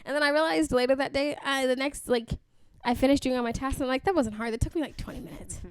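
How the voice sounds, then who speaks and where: A young woman co-hosting a podcast, telling a story in an animated way, acting out quotes and laughing as she goes. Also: high voice, fast talker. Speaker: podcast co-host. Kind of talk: casual chat, animated storytelling.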